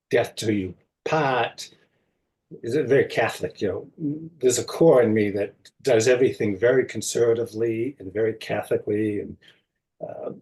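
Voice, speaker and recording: An older man, a psychotherapist being interviewed, recounting a personal story in an unhurried way and acting out the words of others. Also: mid-range voice, darkish tone, rough recording. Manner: unhurried storytelling, acts out quoted speech.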